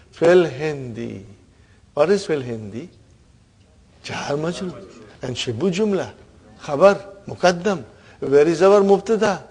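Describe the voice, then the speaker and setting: A man's voice: fairly high pitch, a little mellow, breathy edge. A man teaching an Arabic grammar class, quizzing students and repeating terms with frequent checks of "huh?". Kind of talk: classroom lesson.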